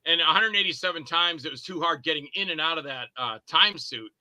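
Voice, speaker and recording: Man, filmmaker guest, casual rambling stories, sharp bright tone. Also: on the high side, animated, a little fast, dry recording, low-quality recording. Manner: rambling storyteller, acts out scenes in character voices. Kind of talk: casual anecdotes.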